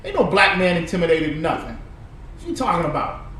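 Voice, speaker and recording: Animated high-voiced man preaching in an echoey room. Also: a little fast. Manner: animated, preachy and profane, laughing often. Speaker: online commentator. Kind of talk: reaction commentary on played clips. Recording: echoey room, far from the mic, faint noise.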